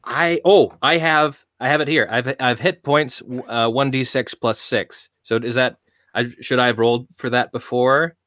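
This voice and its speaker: A man playing a tabletop game, halting and animated, stammering as he goes. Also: medium pitch, dry recording, clean studio sound. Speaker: player.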